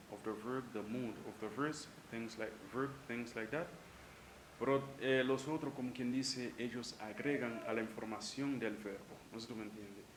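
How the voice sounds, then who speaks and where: A man whose first language is Spanish, teaching English in a casual way and repeating each example sentence. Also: medium pitch. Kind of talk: bilingual English lesson. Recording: echoey room, faint background noise.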